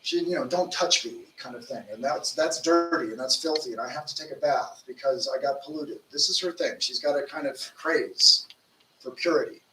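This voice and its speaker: A monk in his fifties gives a conversational spiritual talk in a temple lecture hall, telling stories informally with plenty of fillers. His medium-pitched voice is brisk and sharp. The roomy hall and distant mic leave a faint background noise.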